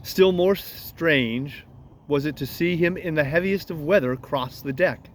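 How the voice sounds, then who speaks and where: A man reading a classic novel aloud at an unhurried pace, now and then adding a casual aside. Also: on the high side, a little hiss or hum. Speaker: audiobook reader.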